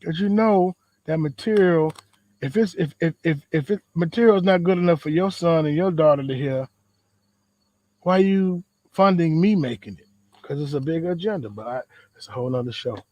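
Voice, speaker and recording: A man's voice: fairly high pitch, moderate pace, darkish tone, no room sound. A man hosting a podcast, giving a loose, conversational faith talk outdoors in a backyard, full of slang and repeated phrases. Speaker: podcast host.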